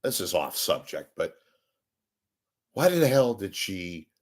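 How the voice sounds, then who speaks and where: A man hosting his own show, ranting casually to camera in a rambling, wisecracking, profane way, often clearing his throat. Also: sits low, sing-song, takes it slowly. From San Francisco Bay Area. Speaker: host of a media commentary show. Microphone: webcam or camera at desk.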